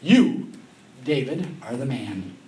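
A man preaching a sermon, reading scripture aloud with strong emphasis and explaining it in a lively, conversational way. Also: medium pitch, takes it slowly, roomy sound, distant mic. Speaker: pastor.

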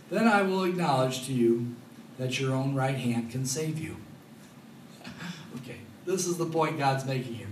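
A man preaching a Bible study sermon to a congregation, talking in a lively, joking way. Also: mid-range voice, slight background noise. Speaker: pastor. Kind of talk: expository Bible teaching. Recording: echoey room, mic at a distance.

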